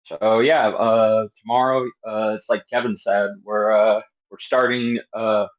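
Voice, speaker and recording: A man co-hosting a podcast, chatting in a relaxed way with lots of fillers. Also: on the low side, a little slow, dull audio. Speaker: podcast co-host. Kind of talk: casual chat.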